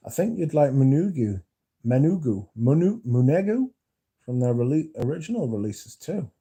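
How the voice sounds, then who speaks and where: Dark-voiced man chatting casually. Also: mid-range voice, sing-song, moderate pace, slightly rough. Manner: swears often, reads viewer comments aloud. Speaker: livestream host reading chat. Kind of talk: casual livestream chat about perfume.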